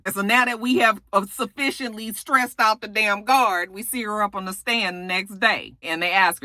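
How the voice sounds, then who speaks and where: A woman giving a sassy, profane, animated recap of a TV episode. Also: mid-range voice, moderate pace, hardly any pauses, dry recording. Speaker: TV recap vlogger.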